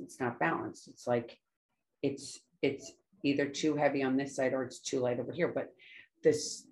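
This recovery speaker has a bass voice with a darkish tone. In casual spoken talk about sobriety, she's earnest and rambling, frequently trailing off and correcting herself mid-thought.

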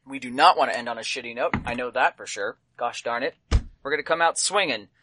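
A man's voice: mid-range voice, fast talker, pushed and bright, slight background noise. A man hosting a tabletop horror game podcast as game master, talking playfully with goofy asides.

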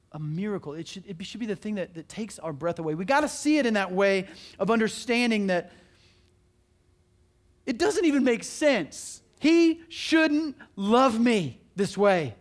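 A high-voiced pastor preaches a sermon in an earnest, conversational way, often restarting his sentences and putting questions to his listeners.

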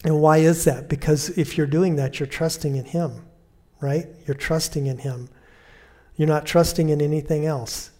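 Guy preaching casually, kinda high voice but mellow and warm, repeats himself a lot. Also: steady tone. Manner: conversational preaching, repeats phrases, fillers and restarts; slows and softens when quoting Scripture. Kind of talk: sermon.

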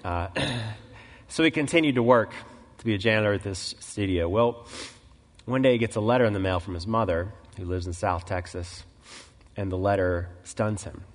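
Low-voiced man preaching in a reverberant hall. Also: normal speed. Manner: storytelling, acts out quoted voices; clears his throat often. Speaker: pastor. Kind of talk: sermon. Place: church sanctuary.

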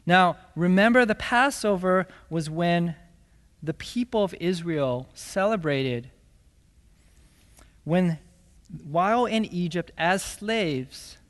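A man preaching a sermon as pastor, reading scripture and explaining it with emphatic, rhetorical "right?" asides. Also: on the high side. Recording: long hall reverb.

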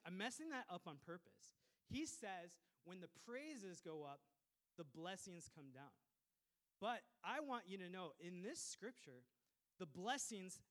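High-voiced joking male pastor. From Minnesota, USA. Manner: lively and joking, with quick asides to the congregation. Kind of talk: sermon.

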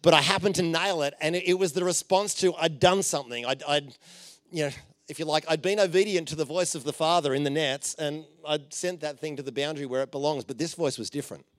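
A man preaching a conversational sermon, telling stories with playful jokes and asides, and dropping to a soft voice for emphasis. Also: on the high side, quick pace, no room sound. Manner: informal and joking, with many fillers and playful asides.

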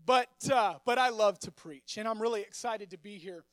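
A young man, his voice sitting unusually high. He stumbles and repeats words as he jokes with the congregation. The stage microphone sounds dry and close. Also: moderate pace, fairly bright tone, no echo. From Texas. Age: 20s. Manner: stammering, repeats words, friendly and joking. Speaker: youth pastor. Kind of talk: sermon with casual storytelling. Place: church.

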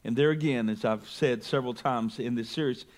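A male pastor teaching through a Bible passage, reading scripture aloud with rising emphasis and slowing on key words. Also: mid-range voice. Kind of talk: expository sermon.

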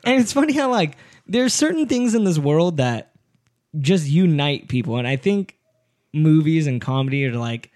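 A man's voice: fairly high pitch, normal speed. A young man hosting a casual podcast chat, telling stories animatedly, swearing often and acting out quotes. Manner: animated storyteller, swears a lot, acts out quotes.

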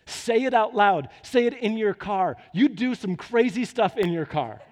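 High-voiced man preaching in a reverberant hall. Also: animated, measured pace, a little mellow. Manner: storytelling that builds into fervent exhortation. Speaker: pastor. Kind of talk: sermon.

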